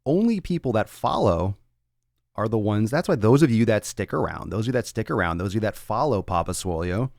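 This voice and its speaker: A man's voice: on the low side, animated, brisk, gravelly, darkish tone, no room sound, studio quality. A man hosting a fitness podcast, ranting bluntly with lots of swearing and tough-love talk. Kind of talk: casual podcast rant.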